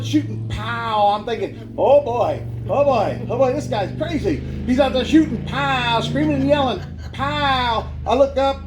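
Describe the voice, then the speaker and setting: Folksy man with a high voice. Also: background noise. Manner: folksy, self-mocking, laughs through his words. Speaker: guest speaker giving his life testimony. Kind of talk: storytelling testimony at a church revival. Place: church.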